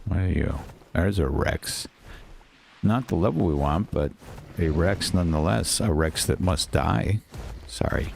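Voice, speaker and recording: A man commentating casually over his own gameplay, muttering to himself and quick to get frustrated and swear. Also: deep voice, animated, creaky, a little mellow, a little hiss or hum. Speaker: gaming channel host.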